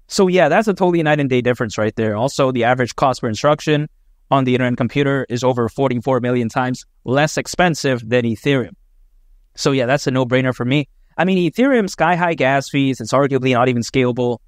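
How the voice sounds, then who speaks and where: A man's voice: mid-range voice, dry recording, studio quality. A man hosting his own crypto vlog, talking in a chatty, emphatic way with lots of "you know". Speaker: crypto channel host. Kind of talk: casual opinion vlog.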